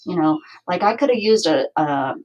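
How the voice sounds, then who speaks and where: A woman's voice: on the low side, lively intonation, moderate pace, a little mellow, lo-fi sound, slight background noise. A woman hosting a crafting livestream, chatting casually and thinking aloud as she works. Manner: chatty, thinking aloud while working, with asides and laughs.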